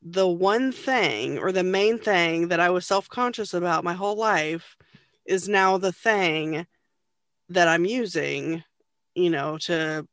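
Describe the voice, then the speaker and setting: A woman being interviewed as a podcast guest, soft-spoken and self-conscious, laughing often as she talks. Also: fairly low pitch, takes it slowly, no echo, studio quality.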